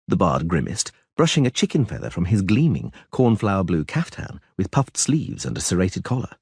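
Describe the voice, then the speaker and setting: A man narrating a fantasy audiobook with expressive, animated storytelling. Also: low-pitched, normal speed, gravelly, husky, no room sound, studio quality.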